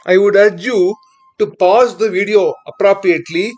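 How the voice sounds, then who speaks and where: A teacher gives a recorded Sanskrit lesson, slowly drilling syllables and saying each one twice before patiently explaining pronunciation. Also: medium pitch, steady tone, darkish tone, soft background music.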